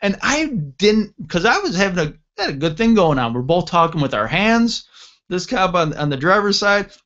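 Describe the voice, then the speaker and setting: A man's voice: high voice, moderate pace, lo-fi sound. Rambling man telling a road story. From upstate New York. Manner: rambling with frequent self-corrections; animated when acting out dialogue. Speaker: talk show storyteller. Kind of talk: casual anecdote telling.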